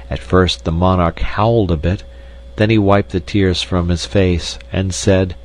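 Deep-voiced man reading a storybook. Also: a little mellow, low-quality recording. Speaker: narrator.

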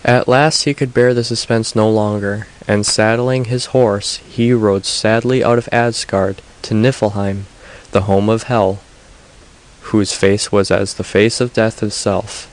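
A man reads old myths aloud in an audiobook, his voice sitting low. His telling is steady and even-paced. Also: measured pace, poor audio. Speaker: narrator.

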